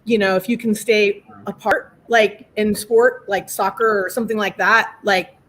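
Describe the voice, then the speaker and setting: A woman's voice: mid-range voice, steady tone, moderate pace, a bit bright. A woman scientist on a video call, explaining in plain everyday comparisons. She often breaks off and starts her thought again. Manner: explains with everyday comparisons, many fillers and restarts. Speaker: scientist guest.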